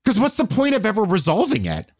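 A man's voice: high-pitched, huge pitch swings, fast talker, a little mellow, no echo, studio quality. A man co-hosting a casual chat podcast. He talks animatedly, swears freely and retells scenes by acting out the characters' voices. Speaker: podcast co-host.

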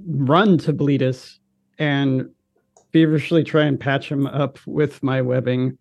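A man's voice: mid-range voice, steady tone, measured pace, vocal fry, darkish tone, no room sound, dull audio. A man playing a tabletop game, earnest and a bit hesitant. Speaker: player.

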